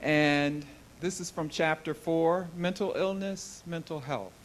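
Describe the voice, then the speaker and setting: A man reading a spiritual book excerpt aloud to a congregation. He reads very slowly and earnestly, his voice sitting a little high for a man, with a faint hum of room ambience behind him. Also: steady tone, poor audio. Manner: slow, earnest, deliberate reading. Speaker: guest reader at a spiritual service.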